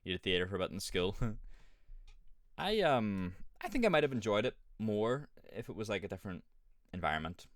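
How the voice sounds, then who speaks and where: A man's voice: fairly low pitch, sing-song, moderate pace, no room sound. A man with an Irish accent, streaming a game and chatting casually, rambling, swearing often and laughing at himself. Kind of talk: casual gaming chat.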